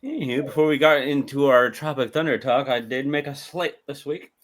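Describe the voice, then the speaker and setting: A man co-hosting a laid-back movie review podcast. He jokes, laughs a lot and swears casually. His voice sits at an ordinary middle pitch. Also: fairly quick, fairly bright tone. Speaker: podcast co-host.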